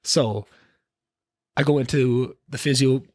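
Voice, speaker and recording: A man's voice: medium pitch, fairly even intonation, slow, darkish tone, no room sound, clean studio sound. A young man hosting a solo podcast, talking candidly and rambling with many fillers and restarts, swearing casually. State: tearful, emotional. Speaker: podcast host.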